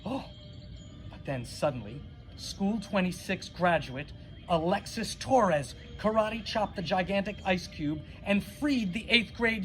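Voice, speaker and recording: High-voiced man telling a playful story. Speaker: school teacher. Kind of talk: storytelling graduation speech.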